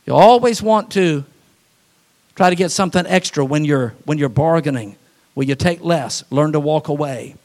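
A man's voice: on the high side, darkish tone. Folksy preaching pastor, a man. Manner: folksy preaching, quick asides and acted-out voices. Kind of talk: sermon.

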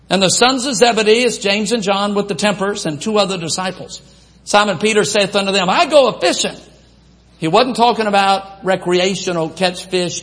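A man preaching a sermon, reading scripture aloud and asking the congregation questions in an animated way. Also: sits high.

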